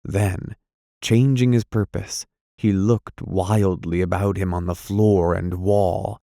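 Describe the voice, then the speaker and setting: A man narrating a classic novel in a measured, deliberate reading. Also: sits low, fairly even intonation, creaky, dark tone, no room sound, studio quality. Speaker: audiobook narrator. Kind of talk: scripted narration.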